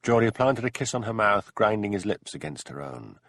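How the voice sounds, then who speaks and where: A man narrating an audiobook in measured storytelling. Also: lowish voice, very animated, vocal fry, a bit bright. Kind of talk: scripted narration.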